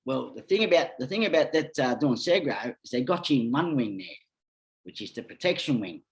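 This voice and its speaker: Brisk and mid-range in voice, a middle-aged Australian man tells meandering, energetic anecdotes as a podcast guest. The conversation is casual, and he swears constantly.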